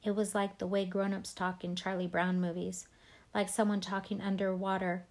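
A woman teacher reading a novel aloud to her class in a lively, expressive way. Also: mid-range voice, moderate pace, low-quality recording. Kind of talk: read-aloud storytelling.

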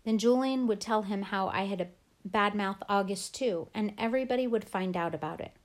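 Woman, book read-aloud, steady and clear, middle pitch. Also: normal speed. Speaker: book reader. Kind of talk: reading a novel aloud.

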